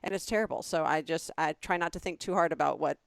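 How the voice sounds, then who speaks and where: A woman co-hosting a podcast in casual chat, talking in a chatty, self-deprecating way with animated asides. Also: low-pitched, fast, vocal fry, no echo, studio quality. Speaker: podcast co-host.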